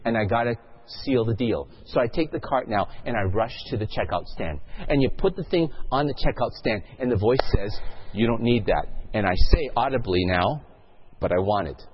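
A man's voice: mid-range voice, expressive, normal speed, hardly any pauses, highs cut off, slight background noise. A male pastor delivering a sermon, telling a story and asking the congregation questions.

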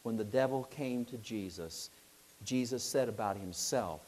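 A middle-aged man preaching a sermon, telling a lively story, acting out voices and asking his listeners questions. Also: mid-range voice, measured pace, a little hiss or hum.

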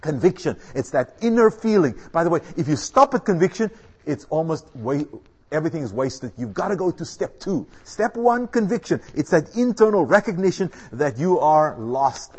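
Lively, emphatic middle-aged male preacher. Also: on the high side, normal speed, slightly rough. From South Africa. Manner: emphatic, asks the audience questions and repeats key words. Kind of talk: sermon.

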